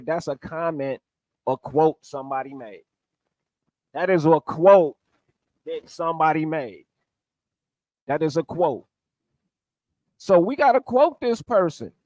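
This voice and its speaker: A man's voice: fairly high pitch, no room sound. A man recapping an online debate on a livestream, emphatic and argumentative while he walks through sources on screen.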